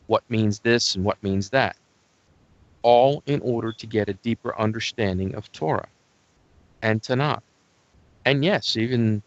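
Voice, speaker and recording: A man's voice: on the low side, a bit bright, no room sound, dull audio. Joking man hosting a talk show. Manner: joking, self-deprecating sign-off. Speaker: co-host. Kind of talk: casual religious talk show chat.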